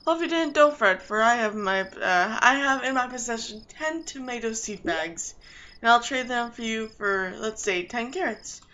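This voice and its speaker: A woman's voice: a little high, animated, moderate pace, pushed and bright. A woman voicing a cheerful male beekeeper who talks with upbeat sales patter.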